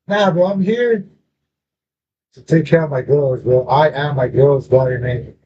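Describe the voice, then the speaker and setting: Speaking in a mid-range voice at a moderate pace, a male podcast host shares a personal story. He swears, leans heavily on street slang, and addresses his listener as bro, all captured in dull lo-fi audio with faint noise.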